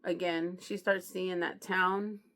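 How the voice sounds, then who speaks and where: A woman's voice: fairly low pitch, flat delivery, slow pace, a bit bright. A woman reviewing a true crime book, retelling it in a chatty, slangy way with lots of asides to the listener. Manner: slangy, chatty, keeps asking "you know what I mean". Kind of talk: casual true crime storytelling.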